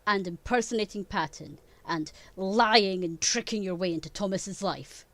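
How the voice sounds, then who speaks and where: A woman's voice: medium pitch, normal speed, a bit bright, dry recording, close to an everyday voice. A woman voicing a theatrical, earnest princely young man who speaks emphatically in a fan audio sketch.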